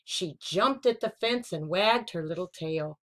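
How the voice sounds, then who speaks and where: A woman's voice: fairly low pitch, animated, unhurried, fairly bright tone. A woman hosting a children's storytime, reading a picture book aloud.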